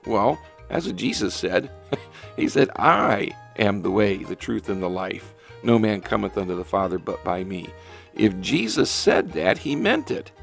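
Earnest low gravelly pastor, man. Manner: earnest, emphatic, with many ums and restarts. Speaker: pastor and radio show host. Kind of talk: radio talk show preaching.

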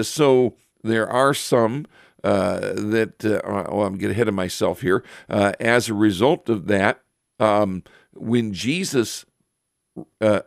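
A man giving a Bible teaching, reading verses aloud and explaining them with frequent pauses and fillers. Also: on the low side, no room sound, studio quality.

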